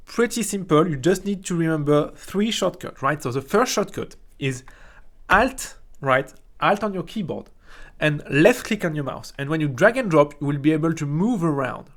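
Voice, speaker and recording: A man from France with a French accent, a 3D software teacher giving a casual, jokey tutorial that keeps checking in with "right?". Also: on the high side. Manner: chatty, jokey, ends phrases with "right?". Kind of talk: casual screen-recorded tutorial.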